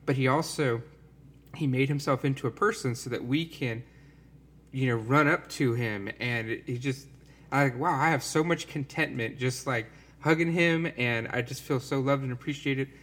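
A man's voice: medium pitch, moderate pace, a bit bright. A man talking earnestly and rambling a little, full of fillers, in a casual conversation about faith.

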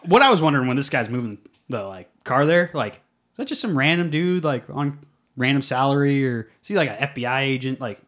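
A man's voice: mid-range voice, expressive, fairly quick, fairly bright tone. A man co-hosting a podcast, casually recapping a movie scene by scene and filling his talk with "like". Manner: rambling, fills with "like". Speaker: podcast co-host.

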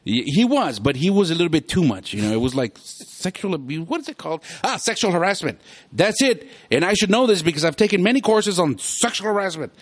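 A middle-aged man chats on his own show in a loose, rambling way, his pitch bouncing high and low and often breaking into laughter. His voice sits a little high for a man, and the talk is loose and unscripted. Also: sing-song, a little fast. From South Texas. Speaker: podcast host. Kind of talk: casual chat.

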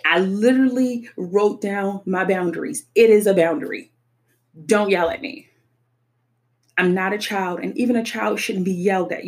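A woman's voice: mid-range voice, a little mellow. A young adult woman speaking earnestly and emphatically about personal experience, often repeating her points. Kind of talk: personal reflective talk.

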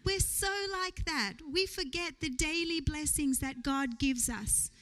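A woman's voice: high-pitched, unhurried, a bit bright, low-quality recording. A woman preaching a sermon in church, earnest, building to rising rhetorical questions.

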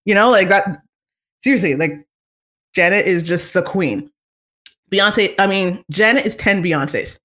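A vlogger chatting casually and excitedly to the audience, rambling with lots of fillers and sudden gushing. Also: medium pitch, unhurried, long pauses. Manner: excitable, rambling, animated fan. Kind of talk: casual fan chat to camera.

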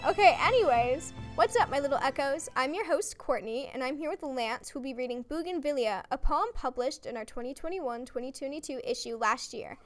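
A young woman hosting a literary podcast, giving a brisk, chatty introduction and promo. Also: sits high, soft background music. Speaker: podcast host.

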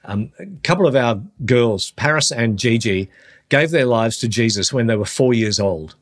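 A middle-aged man hosting a podcast, talking earnestly through a Bible teaching and slowing down on the points he wants to stress. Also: medium pitch, lively intonation. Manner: earnest, slows down on key phrases. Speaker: podcast host, Christian teacher.

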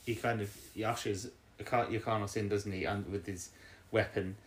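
A man's voice: fairly low pitch, moderate pace. Man animatedly retelling a story. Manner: animated retelling with put-on character voices. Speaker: podcast co-host. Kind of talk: casual recap chat.

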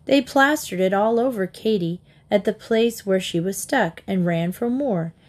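A woman's voice: medium pitch, unhurried, a little mellow. Woman reading a children's book aloud. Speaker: storybook reader.

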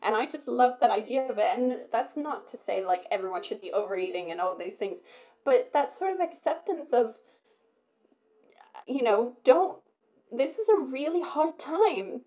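A woman talking openly in a casual conversation, expressive and candid, often slipping into quoted voices. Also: on the high side, moderate pace, rough recording. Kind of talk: casual chat.

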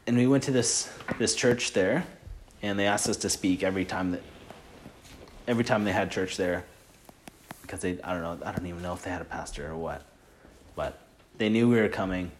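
A man with a fairly low voice gives a relaxed, earnest talk about faith. He rambles as he shares a testimony, leaning on filler "like"s and restarting his sentences, in the easy tone of a group leader chatting with friends. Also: slight background noise. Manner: earnest and conversational. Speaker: Christian team leader sharing a testimony.

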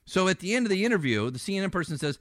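A man's voice: high voice, sing-song, rapid-fire, fairly bright tone, no room sound. Indignant male radio host, raised voice that swings widely, dry booth sound. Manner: indignant, ranting, sarcastic. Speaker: fill-in talk radio host. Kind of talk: political talk radio commentary.

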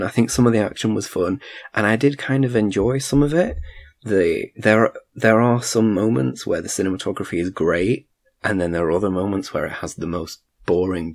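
A man's voice: lowish voice, creaky, a little mellow, husky. A man casually reviewing a film in a chat, rambling with frequent restarts. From United Kingdom.

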